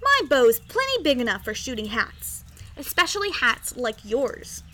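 A woman's voice: sits high, wildly swooping pitch, measured pace, sharp tone, full character voice. A woman voicing a spoiled, proud little boy duke who talks in a whiny, bratty way. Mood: whining.

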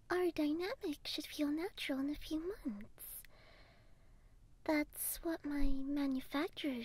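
A woman voicing a devoted young female android housekeeper in a soft, deferential whispered role-play. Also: high-pitched.

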